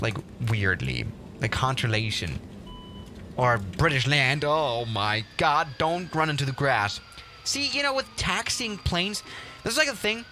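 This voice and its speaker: A young male streamer with a fairly high, bright voice that swings widely in pitch as he chats. He talks in an excitable, rambling way and pokes fun at himself, with faint music playing underneath. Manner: excitable, rambling, self-mocking. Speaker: livestream host. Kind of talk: casual game livestream commentary.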